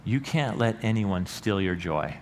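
A middle-aged male pastor preaching a sermon in a church, earnest and rising to loud emphatic peaks. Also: fairly low pitch, animated, measured pace. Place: church sanctuary. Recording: long hall reverb with faint room noise.

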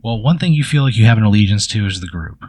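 A man guiding an improvised story game as its narrator, with a lowish voice. He speaks casually, with frequent fillers and restarts. The recording sounds dry and close. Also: lively intonation, quick pace, a little mellow, no room sound. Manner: casual, hesitant, full of fillers. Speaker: game master.

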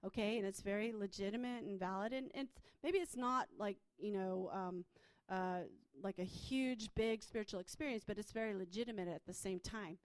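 A woman's voice: medium pitch, normal speed, no room sound. A woman minister telling her testimony in a chatty way, full of fillers and restarts. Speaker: prophetic minister. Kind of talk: personal testimony.

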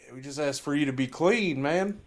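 A man making a prank call, deadpan and baiting, feigning not to hear his target. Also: fairly high pitch, a little fast, crowd noise. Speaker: prank caller.

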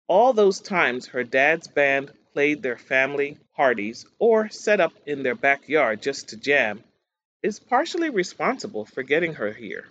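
Man reading print news aloud, higher voice with a lot of pitch movement, dull lo-fi recording. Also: slight background noise. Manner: steady read-aloud delivery of quotes and narration. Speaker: news reader. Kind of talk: reading magazine articles aloud.

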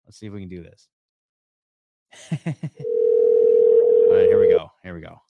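A man's voice: deep voice, steady tone, measured pace, creaky, narrow, tinny audio, heavy background noise. A man from the US West Coast hosting a podcast call-in show, chatting casually and calling people man and dude.

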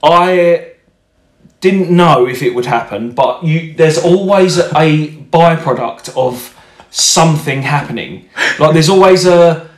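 Brief: male co-host, jokey rambling chat, a touch high, roomy echo. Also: takes it slowly. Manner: rambling, joking, swears freely. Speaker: podcast co-host. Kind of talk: casual chat. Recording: echoey room.

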